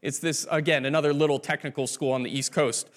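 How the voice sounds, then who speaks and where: A male pastor delivering a sermon in a relaxed, conversational storytelling way. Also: fairly high pitch, fast talker.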